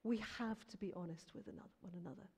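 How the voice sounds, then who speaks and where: A woman's voice: medium pitch, quick pace, slightly rough. Earnest woman in her fifties, reverberant. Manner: earnest and animated, rising emphatic bursts. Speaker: Christian musician guest. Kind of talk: personal faith testimony in an interview. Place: church. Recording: long hall reverb.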